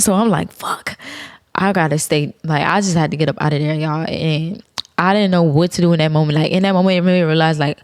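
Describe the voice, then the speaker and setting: Young woman chatting on her podcast, low voice with lots of gravel, dry close sound, slangy and cussing, talks to y'all. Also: dry recording. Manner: slangy, profane, chatty, addresses listeners as y'all. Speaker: podcast host. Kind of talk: casual solo podcast chat.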